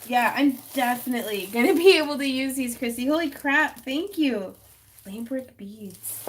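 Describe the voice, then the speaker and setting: Excitable woman chatting on a craft livestream. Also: fairly high pitch, normal speed, background noise. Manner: excitable, gasping and laughing over gifts. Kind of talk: casual live stream chat. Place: home craft room. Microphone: phone.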